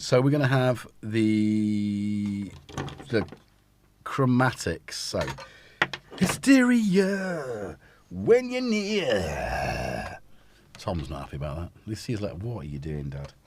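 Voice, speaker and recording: A man with a northern English accent hosting a casual live stream, rambling, chatty and self-deprecating as he talks. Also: on the low side. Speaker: host.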